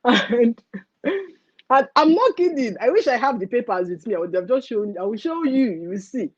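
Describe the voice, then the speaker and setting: Young woman, Nigerian accent, animated livestream rant, husky voice, dull dry lo-fi sound. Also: fairly high pitch, brisk, no echo. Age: young adult. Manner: animated, ranting, mixes in pidgin phrases. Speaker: livestream host.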